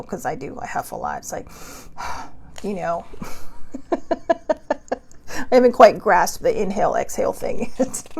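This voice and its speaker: A woman talks casually as the host of her own show. She rambles from one thought to the next and laughs often. Her mid-pitched voice has a gravelly, creaky texture. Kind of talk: casual talk show monologue.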